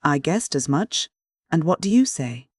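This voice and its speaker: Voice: medium pitch, sing-song, unhurried, husky, dry recording, studio quality. A reader voicing a frank, cool-mannered young woman in an audiobook, plain and blunt in speech. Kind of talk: audiobook dialogue reading.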